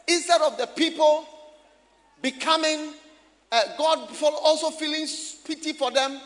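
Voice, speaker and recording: A male pastor preaches from the pulpit, his unusually high voice bright and forceful. He swings widely in pitch and shouts his points, questioning the congregation as he goes. The sound carries the long reverb of a church hall, with faint room noise underneath. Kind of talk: sermon.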